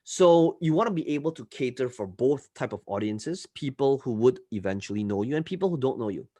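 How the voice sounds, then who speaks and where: A man coaching a live online class, often checking in with listeners and swinging between loud and soft delivery. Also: mid-range voice, expressive, fairly quick, no room sound. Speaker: marketing coach.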